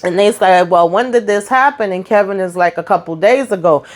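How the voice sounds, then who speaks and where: A woman's voice: mid-range voice, fairly quick. A middle-aged woman casually recapping a TV episode for her viewers, acting out the characters' lines and talking straight to them. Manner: talks straight to viewers, "y'all", "boo", "child". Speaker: TV recap vlogger.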